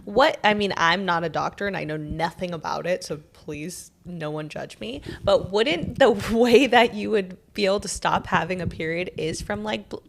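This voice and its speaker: A woman hosting a podcast, chatting casually and asking easygoing questions with quick backchannels. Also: fairly low pitch, creaky. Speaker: podcast host. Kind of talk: casual interview chat.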